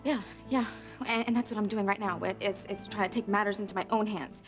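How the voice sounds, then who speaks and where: A woman's voice: mid-range voice, steady tone, faint music behind, lightly acted. A woman playing a desperate, earnest young mother. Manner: earnest, halting.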